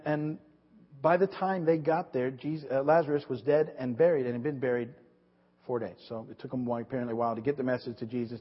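A man delivers a rambling sermon in a slightly husky voice, pitched a little high for a man, often stumbling over and repeating his words. His voice rings out in a big reverberant hall. The recording is dull and lo-fi. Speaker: pastor.

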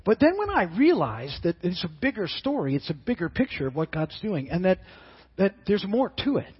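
A middle-aged man preaching a sermon as pastor, earnest and halting, often repeating his words as he restarts. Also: high-pitched, big pitch swings, husky, highs cut off.

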